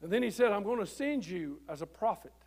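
A man preaching a sermon from the pulpit, folksy and conversational, growing loud when he quotes scripture. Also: sits high, expressive, a little fast. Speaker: pastor. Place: church.

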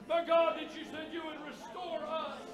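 Impassioned high-voiced man praying. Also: little pitch movement, normal speed, reverberant, distant mic. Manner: impassioned, pleading, crying out to God. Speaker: pastor. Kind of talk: fervent spoken prayer in church. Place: church sanctuary.

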